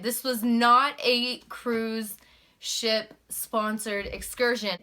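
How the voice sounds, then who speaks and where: A young woman chats straight to camera, telling a wild story in a loose, animated way with the odd curse. Her voice is bright and forward and sits a little high. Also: slow pace, clean tone. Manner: animated, swears freely, mimics shocked voices. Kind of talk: casual storytime vlog.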